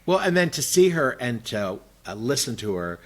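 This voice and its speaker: A man's voice: mid-range voice, moderate pace. A man in his sixties co-hosting a podcast, chatting casually and rambling with plenty of fillers. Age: 60s. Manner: relaxed, rambling with many fillers. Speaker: podcast co-host. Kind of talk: casual chat.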